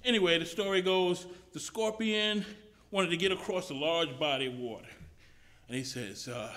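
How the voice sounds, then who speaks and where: Preacher with a high voice, talky sermon delivery, repeats himself as he builds. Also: normal speed, fairly bright tone. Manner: conversational, repeats and restarts phrases. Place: mission chapel service.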